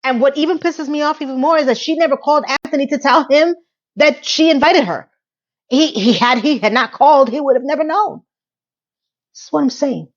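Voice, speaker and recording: A woman's voice: sits high, fairly quick, lo-fi sound. A woman recapping a TV episode, ranting with exasperated, incredulous rhetorical questions. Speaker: TV recap reviewer.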